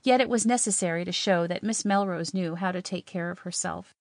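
A woman narrating a story in a measured, expressive way. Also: on the low side, no room sound, clean studio sound.

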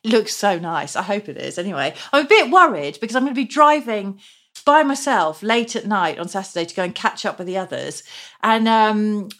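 A woman's voice: medium pitch, fairly bright tone. A woman co-hosting a podcast in casual chat, laughing often as she talks. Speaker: podcast co-host.

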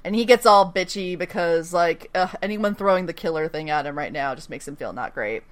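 A woman's voice: fairly low pitch, a little fast. Laughing, swearing woman recapping a show. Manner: chatty, swears freely, laughs often. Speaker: podcast co-host recapping episodes. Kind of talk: casual rewatch chat.

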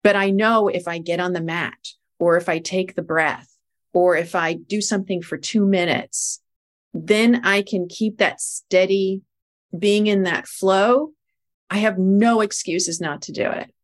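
A middle-aged woman, a spiritual life coach, explaining ideas calmly in a casual podcast conversation. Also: medium pitch, a little slow.

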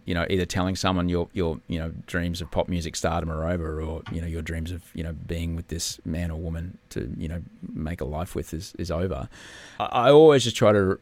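A man's voice: deep voice, no room sound. A man, a guest in casual chat, speaking candidly and a little subdued while recovering from surgery. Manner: candid, swearing, drops to a whisper at times. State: subdued, in pain after surgery. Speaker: podcast guest, TV host.

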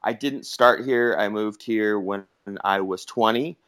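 30s comedian guy, low smooth voice, laid back and joking about himself. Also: measured pace, a bit bright. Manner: loose, laughing, self-deprecating. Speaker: comedian guest. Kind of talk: casual interview chat.

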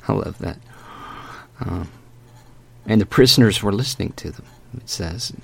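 A man preaching a conversational sermon, animated and emphatic, with folksy asides as he walks through a Bible passage. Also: lowish voice, slow, creaky, slightly rough.

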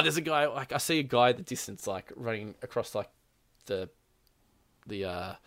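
A man chats casually, telling a long story full of fillers and quoted lines. His voice is bright and forceful, and the sound is dry, with little room echo. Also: fairly low pitch. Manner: rambling storytelling, lots of fillers. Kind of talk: casual chat.

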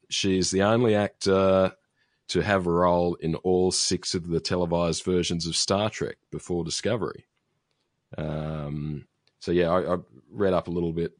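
With plenty of ums and false starts, a deep-voiced podcast co-host reads out a listener's email during casual chat. His recording is clean studio audio with no room sound.

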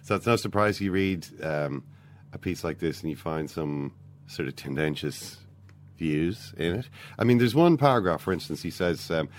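A man's voice: low voice, lively intonation, normal speed, slight background noise. A man hosting a casual football discussion podcast, talking in a rambling way with many fillers and restarts. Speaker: podcast host.

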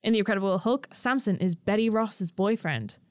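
A woman in her twenties co-hosting a podcast, chatting casually in an animated way and laughing often. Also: medium pitch, brisk, no room sound, clean studio sound. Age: 20s. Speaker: podcast co-host. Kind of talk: casual chat.

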